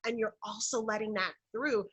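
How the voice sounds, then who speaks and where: A woman with a bright, ringing voice at a middle pitch, telling personal stories as a podcast guest. She talks expressively and loosely, with plenty of fillers. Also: normal speed, slightly rough, low-quality recording. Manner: expressive, warm storytelling with frequent fillers. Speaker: guest, intuition guide. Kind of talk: conversational podcast interview.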